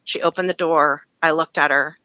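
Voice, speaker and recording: A woman's voice: deep voice, steady tone, normal speed, sharp tone, dry recording, lo-fi sound. A woman from Alaska, a podcast guest, frankly telling a personal story in an interview and laughing through hard memories.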